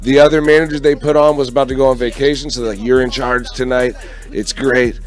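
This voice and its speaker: A man's voice: medium pitch, quick pace, faint music behind. A man co-hosting a casual live stream, telling a rambling story with lots of swearing and acted-out quotes. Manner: animated storyteller, swears freely, acts out quotes. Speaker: radio show co-host.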